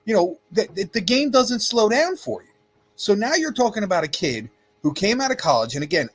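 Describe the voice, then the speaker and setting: A man with a slightly higher, husky voice argues his points with emphasis, doubling up words as he pushes ahead. It is loose, casual sports talk on a podcast. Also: a bit bright. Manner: emphatic, repeats words when pressing a point. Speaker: podcast co-host.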